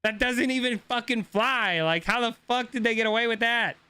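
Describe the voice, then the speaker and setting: A man's voice: extremely high pitch, normal speed, sharp tone, clean tone, no room sound. A young man streaming a game, ranting casually and swearing a lot as he talks to his chat. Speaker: gaming streamer.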